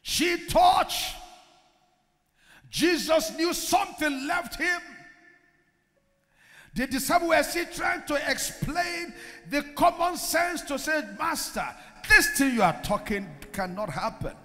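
A man preaching a sermon, fervent, swinging between shouted exhortations and hushed lines. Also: very high voice, expressive, slow pace. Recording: long hall reverb with faint music. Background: faint music.

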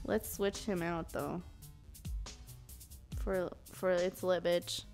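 A woman's voice: on the low side, level tone, takes it slowly, a little mellow, soft background music. A woman live streaming a game, chatting casually with her viewers, giggly and swearing freely. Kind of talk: casual live-stream chat while gaming.

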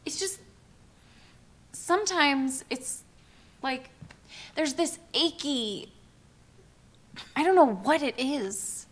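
An actress playing an anxious young woman who pours out her worries to her partner in a soft, halting voice, in a comedy short film. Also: high-pitched, animated, exaggerated voice. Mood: worried.

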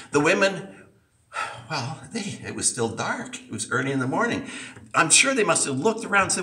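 Male preacher, emphatic sermon, lively pitch, recorded far off in a roomy hall. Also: moderate pace. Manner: emphatic, repeating for stress. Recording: echoey church from a distance.

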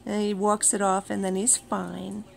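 A woman at home in the morning, talking unhurriedly to her pets and her viewers, cooing to the animals in a soft, doting voice. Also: medium pitch, flat delivery, measured pace, gravelly. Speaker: pet owner vlogger. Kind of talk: casual talk to pets and viewers. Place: at home indoors, early morning.

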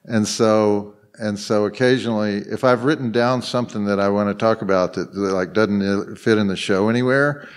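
A man's voice: lowish voice, steady tone, normal speed, few pauses, smooth. A man telling loose, rambling anecdotes as a guest on a live convention panel, full of fillers and frequent chuckles. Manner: rambling, heavy on fillers and restarts, chuckling often.

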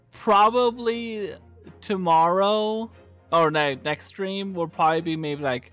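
Brief: male guest co-streamer, slightly high voice, chatty and quick to laugh, faint music behind. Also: fairly bright tone, smooth. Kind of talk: casual stream chat.

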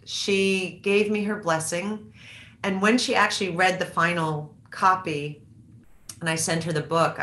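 A woman in her fifties, an author being interviewed in a candid onstage talk, reflective and halting, often restarting her sentences. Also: low-pitched, sharp tone, roomy sound.

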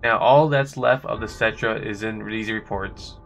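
A man voicing a cold, proud male swordsman villain from a video game, reading his lines slowly and deliberately. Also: fairly low pitch, fairly bright tone, soft background music.

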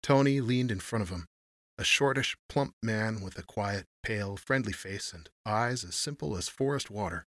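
A man narrating a noir story in a measured storytelling manner. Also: lowish voice, fairly bright tone, no echo.

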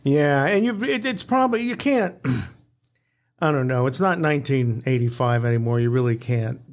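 Gravelly easygoing fire service man. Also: mid-range voice, animated, moderate pace. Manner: easygoing, chimes in with agreeing asides. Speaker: podcast co-host, former battalion chief. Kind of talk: casual chat.

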